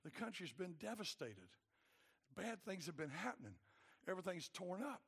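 A man preaching a sermon in a colloquial, emphatic way, moving between quiet asides and loud exhortation. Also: high-pitched, very animated, moderate pace, gravelly, husky.

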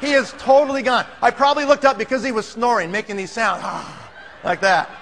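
A man telling a story to an audience, animated and acting out the scene. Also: very high voice, a little fast, slight background noise. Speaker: speaker telling a sales story. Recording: long hall reverb.

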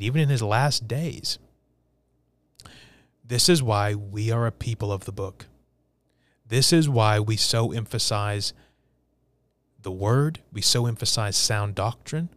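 A man's voice: mid-range voice, no echo. Emphatic male pastor preaching a sermon. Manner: emphatic preaching with repeated rhetorical questions.

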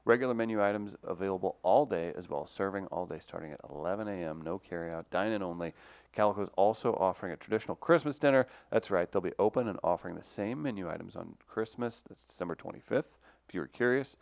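Gravelly, low-voiced comedy podcast host. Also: male voice, animated, fast, a little mellow, no echo. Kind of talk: casual comedy podcast chat.

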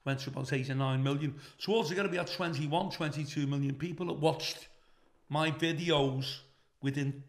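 In casual storytelling chat, a middle-aged Scouse guest comedian from Liverpool swears freely and animates his quotes of other people. He speaks at normal speed in a higher-leaning voice.

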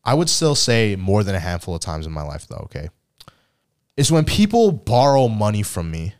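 A man co-hosting a podcast, telling a story in a casual, animated way and acting out the people in it. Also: lowish voice, normal speed, clean tone. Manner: animated storyteller, acts out quotes, teasing. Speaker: podcast co-host.

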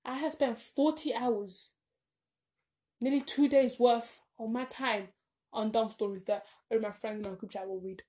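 A woman's voice: a little high, fairly even intonation, unhurried, dark tone. A young woman, maybe in her teens, chatting casually to camera, rambling with lots of "like"s and sudden dramatic emphasis. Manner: rambling, chatty, self-interrupting with many "like"s. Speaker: vlogger. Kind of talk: casual chat.

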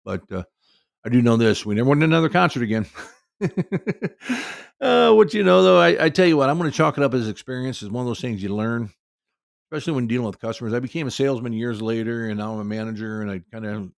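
A middle-aged man rattles through a personal story at a quick clip, his voice rough with gravelly fry. He rambles in a folksy, aside-heavy way, and the sound is close and dry with no room around it. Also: mid-range voice, dry recording. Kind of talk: casual personal anecdote.

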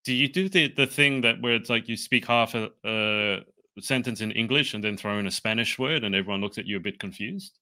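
A man hosting a podcast interview, animated and laughing often as he asks questions. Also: on the low side, a little fast. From Australia. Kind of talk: casual interview chat.

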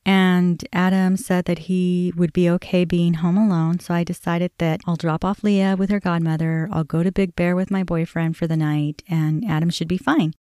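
A woman in her forties tells a personal family story on her own podcast, speaking in a low, mellow voice. She talks candidly and conversationally, full of "you know" asides, and acts out the dialogue she recalls. The recording is close and dry. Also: clean tone, no echo. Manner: many "you know" fillers. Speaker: podcast host.

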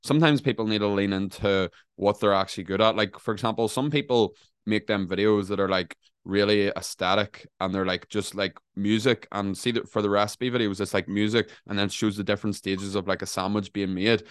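A man's voice: fairly low pitch, steady tone, a little fast, clear, resonant tone, dry recording, clean studio sound. A man and content creator in a casual podcast chat, talking bluntly and emphatically and swearing freely.

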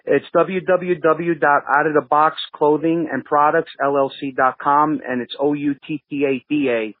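A man's voice: fairly high pitch, steady tone, moderate pace, dry recording. A man with a New York accent, born in Brooklyn, telling stories in a rambling, restarting way on a podcast. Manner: rambling, many restarts and fillers. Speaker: podcast regular. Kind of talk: casual storytelling. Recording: phone-line audio.

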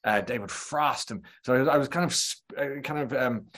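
An Irish man, a TV presenter, chatting as a guest and telling lively anecdotes, slipping into impressions of other people. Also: mid-range voice, a little fast. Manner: animated anecdotal storytelling, slips into impressions. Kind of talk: casual chat.

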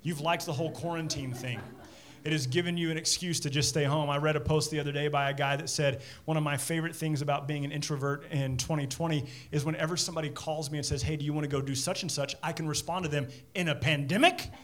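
A middle-aged male pastor preaching in a fairly high voice. He talks in a chatty, self-deprecating way and stumbles over repeated words as he builds up each point. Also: fast talker. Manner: animated. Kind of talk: sermon.

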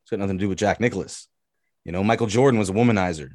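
A man's voice: on the low side, rapid-fire, a little mellow, no room sound, studio quality. A man hosting a casual sports podcast, ranting hotly with swearing and repeated phrases. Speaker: podcast host.

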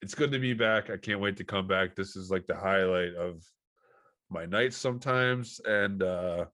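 Easygoing male podcast host, fairly low voice, dry close sound. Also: moderate pace, sharp tone, no echo. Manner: easygoing, rambling with fillers. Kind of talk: casual chat.

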